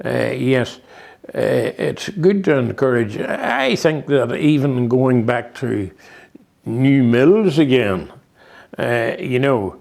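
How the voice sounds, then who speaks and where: Old northern irish guy, 80s, gravelly voice, rambles through stories w lots of uhs. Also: mid-range voice, expressive, slow pace, a little mellow. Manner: rambling, anecdotal, many restarts and fillers. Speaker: interviewee. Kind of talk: reminiscing conversation.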